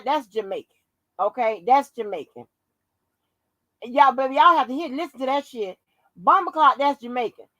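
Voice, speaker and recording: High-voiced woman, loud profane commentary. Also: no echo, low-quality recording. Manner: animated, profane, laughs often. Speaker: YouTube commentator. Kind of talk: casual commentary vlog.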